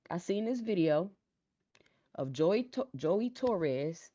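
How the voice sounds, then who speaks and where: A woman hosting a casual live stream who chats with viewers, reads out their comments and often repeats her phrases in a calm, low-key way. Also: slow, no echo. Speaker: livestream host. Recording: dull lo-fi sound, dry.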